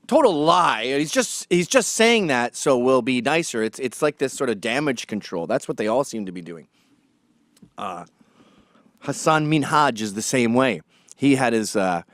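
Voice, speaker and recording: A man's voice: mid-range voice, big pitch swings, a little fast, no room sound, studio quality. A man delivering a sarcastic, combative opinion monologue as a political commentator.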